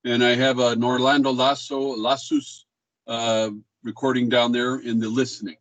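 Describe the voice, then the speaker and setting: A male music history teacher lectures in a casual, rambling way, filling pauses with ums and uhs. He voices speech rhythms to make his points. The recording is dry and close, with little room sound. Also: medium pitch, little pitch movement, dry recording, low-quality recording.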